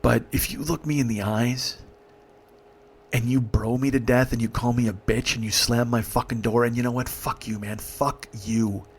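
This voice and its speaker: A man's voice: mid-range voice, fairly even intonation, normal speed, breathy edge. A man in his forties telling a true story in a comedic podcast monologue, profane, intense and confessional. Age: 40s.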